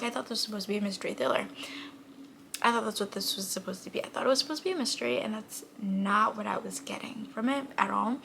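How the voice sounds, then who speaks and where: Gushing young woman with a bright, gravelly voice. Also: mid-range voice, a little hiss or hum. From from New York State. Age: young adult. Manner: chatty and gushing, often drops into a soft whisper. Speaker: book vlogger. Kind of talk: casual chat.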